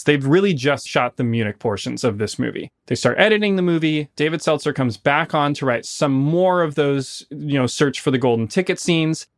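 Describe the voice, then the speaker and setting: A man hosts a podcast, walking listeners through a story with animated, explanatory energy. His voice sits mid-range and is recorded close and dry. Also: mid-range voice, no room sound. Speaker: podcast host.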